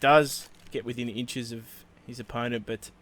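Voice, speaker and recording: A man giving relaxed play-by-play commentary on an esports match. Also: mid-range voice, moderate pace, slight background noise. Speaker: esports caster.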